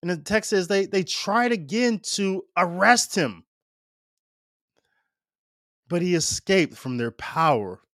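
A man's expressive, fairly bright, high voice moves slowly through a casual homily, pausing often. The studio sound is clean with no room echo, and he keeps asking listeners "right?", leaning on fillers and laughter in a chatty way.

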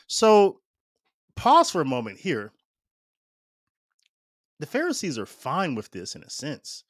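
A man's voice: a little high, huge pitch swings, slow pace, pauses often, no echo, studio quality. A man preaching a casual, conversational homily, often checking in with his listeners and using plenty of fillers. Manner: chatty, keeps asking "right?" with fillers and laughs.

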